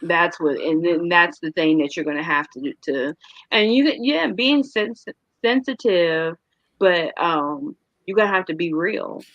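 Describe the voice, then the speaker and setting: A woman's voice: on the low side, expressive, a little slow, fairly bright tone, dull audio. A woman panelist on a video call giving frank, emphatic advice and acting out quotes.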